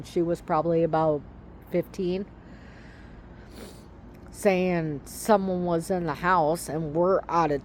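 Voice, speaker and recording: Slow-spoken, hesitant woman talking outdoors. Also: on the low side, a little mellow, a little hiss or hum. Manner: slow, hesitant, many ums and likes. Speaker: vlogger. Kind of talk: casual storytelling to camera.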